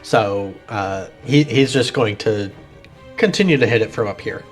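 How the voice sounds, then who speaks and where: A man's voice: fairly low pitch, a little slow, faint music behind. A man playing a tabletop game, hesitant and thinking aloud. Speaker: player. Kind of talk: casual tabletop play.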